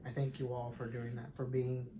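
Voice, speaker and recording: A man's voice: mid-range voice, completely flat delivery, normal speed, mellow, slight background noise. A young man, an expectant father, talking earnestly in a casual chat from a hospital room, often repeating words as he rambles.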